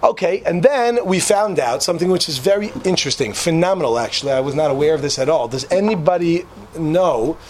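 A young man with a rather high voice tells a personal story to a live audience. He jokes as he goes, breaks off into asides and restarts his sentences. A faint background hum sits under his voice. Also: a little fast. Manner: animated, joking, lots of restarts and asides.

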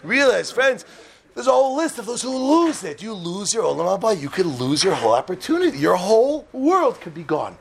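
A man teaching a Torah class in an animated way, quizzing his listeners and laughing at his own jokes. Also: high-pitched, a little fast, vocal fry, a little hiss or hum. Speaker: religious teacher.

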